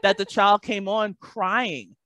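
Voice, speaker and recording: A woman math tutor in a podcast conversation, telling lively stories and acting out the parents and kids she works with. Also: mid-range voice, slow pace, dry recording. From Baltimore, Maryland. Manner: animated storyteller, acts out parents and kids.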